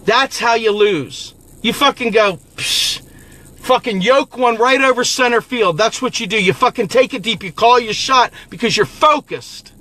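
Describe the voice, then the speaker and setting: A man's voice: very high voice, moderate pace, sharp tone. A man hosting an impassioned political monologue who talks in a profane, fiery, exhorting way. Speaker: political activist host.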